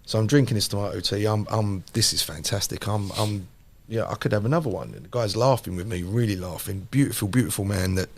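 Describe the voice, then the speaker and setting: A man, a podcast host telling a lively personal story in casual chat. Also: lowish voice, quick pace, hardly any pauses. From London. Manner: animated anecdote teller, repeats phrases for emphasis.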